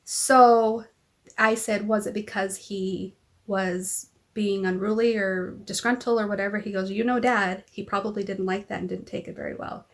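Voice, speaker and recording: A woman's voice: medium pitch, steady tone, moderate pace. A mother talking in a casual personal vlog, telling a long rambling story and acting out what others said. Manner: rambling storytelling, acts out quoted dialogue. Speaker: vlogger.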